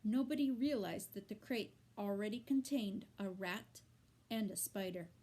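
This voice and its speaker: Slow, deliberate woman reading a story. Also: medium pitch, warm tone. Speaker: reader. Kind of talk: reading a children's novel aloud.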